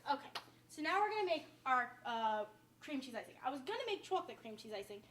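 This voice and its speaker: A woman's voice: high voice, big pitch swings, fast, fairly bright tone. Chatty young woman with New York accent. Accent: downstate New York. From Westchester, New York. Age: young adult. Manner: chatty, rambling, says "like" often. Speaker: cooking show host. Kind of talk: casual cooking demonstration.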